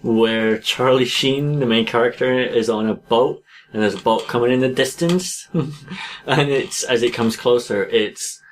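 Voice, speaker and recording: A man's voice: medium pitch, measured pace, a little hiss or hum. A man co-hosting a podcast, chatting loosely with many hedges and frequent laughs. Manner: rambling, hedging with 'like', laughs often. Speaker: podcast co-host. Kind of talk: casual chat.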